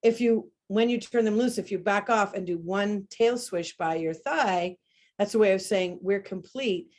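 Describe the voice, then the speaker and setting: A woman teaching about horse behavior in a webinar conversation, talking in an animated way and demonstrating sounds as she explains. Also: mid-range voice, moderate pace.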